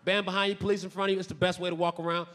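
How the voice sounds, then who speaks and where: A man doing a stand-up comedy routine on a club stage, telling stories in a dry, deadpan way with sudden shouted punchlines. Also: high-pitched, racing. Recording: noisy live comedy club.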